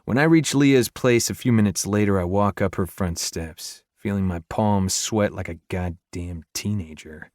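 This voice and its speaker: A man narrating a romance audiobook in the first person, in a low, intimate, earnest way. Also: unhurried, few pauses, darkish tone, no echo, clean studio sound.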